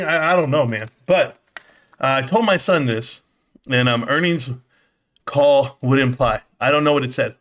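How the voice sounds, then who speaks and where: A man's voice: mid-range voice, moderate pace, fairly bright tone. A middle-aged man hosting a casual live stream, brash and joking as he trash-talks, out of breath.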